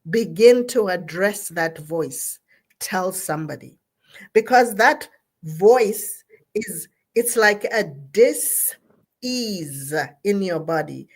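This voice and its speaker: A Zambian woman with a fairly low voice speaks slowly. As a therapist at an online gathering, she gives an insistent motivational talk on mental health, underlining key words by saying them again and spelling them out.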